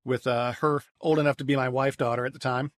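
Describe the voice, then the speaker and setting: A man tells stories as a podcast guest, animated and chatty, often doubling words as he starts over. His voice sits at a middle pitch. The sound is dry and close. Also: fairly quick, no echo. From United States. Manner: lively storyteller, repeats words as he restarts. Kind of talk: storytelling in a conversational interview.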